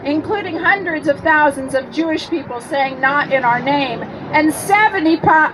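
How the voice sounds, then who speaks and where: A woman giving a forceful, rousing speech at an outdoor protest rally. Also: sits high. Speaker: rally speaker. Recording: loud crowd and outdoor noise.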